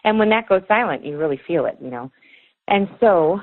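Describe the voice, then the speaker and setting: Woman, low voice, animated storyteller acting out dialogue, phone-line sound. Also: brisk. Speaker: author guest. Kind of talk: podcast interview storytelling.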